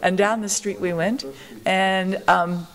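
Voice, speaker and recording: A woman's voice: medium pitch, steady tone, slow. An older woman in an interview, telling her story with animation and acting out the voices of the people she quotes. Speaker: interviewee, marathon pioneer.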